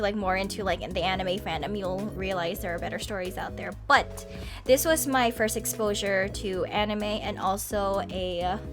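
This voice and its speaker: A young adult woman telling a story in casual vlog style into a webcam mic, chatty and animated, with frequent laughs and sighs. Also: mid-range voice. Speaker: vlogger. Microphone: webcam microphone.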